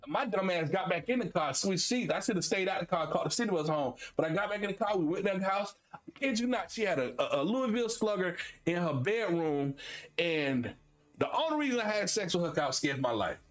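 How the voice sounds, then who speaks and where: A man in his forties, from Florida, telling stories on his stream in a loose, animated way. His voice sits high for a man. He often laughs and jumps between excited high bursts and low muttered asides. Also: fast talker. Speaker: streamer and host. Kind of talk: casual storytelling chat.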